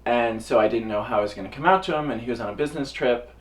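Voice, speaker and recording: Animated young man telling a story. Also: rapid-fire. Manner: animated, acts out quoted voices with big pitch jumps. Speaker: drag performer telling a personal story. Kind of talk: casual storytelling to camera. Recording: voice a little distant from the mic.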